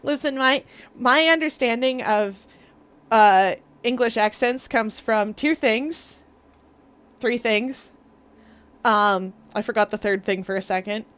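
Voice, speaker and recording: Giggly high-voiced woman. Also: slow, a bit bright, clean tone. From Canadian Maritimes. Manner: chatty and giggly, laughs often, rambling asides. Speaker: streamer. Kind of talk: casual live-stream chat while gaming.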